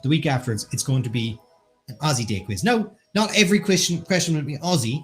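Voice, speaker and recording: A man's voice: a little high, fast, soft background music. A man with an Irish accent co-hosting a casual online quiz, bantering and reading out the chat. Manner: joking, bantering, reads chat aloud. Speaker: quiz co-host.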